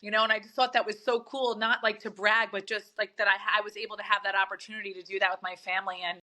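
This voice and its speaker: A woman's voice: medium pitch, little pitch movement, quick pace. A woman co-hosting a podcast, speaking emotionally and gushing with affection, close to tears. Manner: tearful, gushing, warm toward her father. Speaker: podcast co-host.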